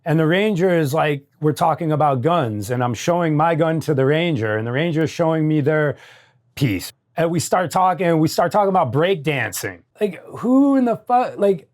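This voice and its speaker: A man's voice: fairly high pitch, lively intonation, moderate pace, darkish tone. Intense middle-aged American man. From United States. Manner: intense, raw, swearing freely, many tag questions. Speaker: guest. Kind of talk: candid interview storytelling.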